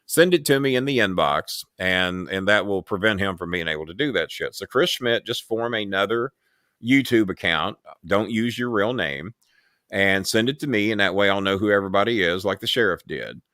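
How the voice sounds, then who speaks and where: A man's voice: lowish voice, moderate pace, dry recording, clean studio sound. A man hosting a live show, telling blunt stories in a casual voice with lots of swearing. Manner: blunt, heavy swearing, animated retelling. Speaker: show host. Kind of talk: profane live-show storytelling.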